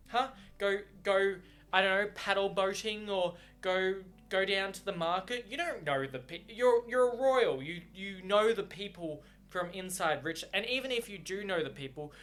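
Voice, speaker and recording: A man's voice: high-pitched, a bit bright. A man reads a novel aloud on his vlog and breaks off to react, ranting and swearing in fits and starts. His voice is choked up and close to tears throughout. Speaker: book reaction vlogger.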